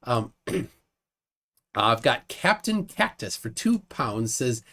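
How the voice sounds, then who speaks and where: A man's voice: mid-range voice, very animated, takes it slowly, bright, forceful tone. A man hosting a casual live debate stream, wry and laughing often as he reads out viewer comments. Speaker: livestream debate host.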